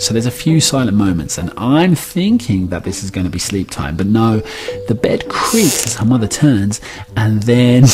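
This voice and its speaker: Wry deep-voiced dad telling a story. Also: male voice. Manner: wry, self-mocking. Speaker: storyteller, father. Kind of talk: comic personal story.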